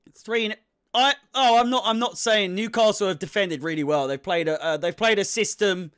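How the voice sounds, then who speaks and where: A man's voice: sits high, moderate pace, fairly bright tone, clean tone. A young man giving casual live commentary on a football match as a fan, swearing freely and sounding exasperated.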